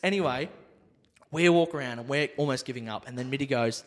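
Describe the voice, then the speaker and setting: A man's voice: mid-range voice, fairly quick. A man, casually telling a rowdy story on a podcast, acting out the other people in it. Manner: animated, acts out the other people in his stories. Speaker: podcast co-host. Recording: reverberant room.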